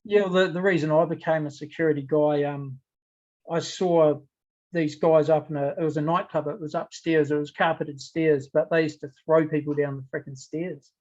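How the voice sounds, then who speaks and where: A man's voice: fairly high pitch, steady tone, normal speed, darkish tone, dull audio. Plain-spoken New Zealand man. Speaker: interview guest, martial arts teacher. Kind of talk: casual conversation.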